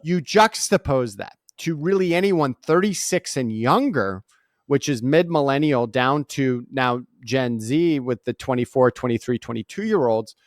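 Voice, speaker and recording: This guest author and speaker, a man in his forties, has a mid-range voice and talks a little slowly while answering interview questions. His storytelling is energetic and animated, full of frequent "right?" tags. The recording is dry, with clean studio sound.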